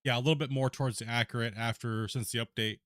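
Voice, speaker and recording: A man's voice: medium pitch, steady tone, quick pace, fairly bright tone, no echo. Chatty man hosting a stream, dry sound. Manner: chatty, laughing, addresses viewers directly. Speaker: podcast host and streamer. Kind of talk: casual chat with a live audience.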